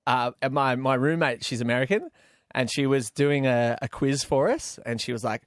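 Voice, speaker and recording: A young Australian man hosting a casual podcast chat, telling animated stories and mimicking voices. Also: mid-range voice, moderate pace, no room sound, clean studio sound. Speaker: podcast host.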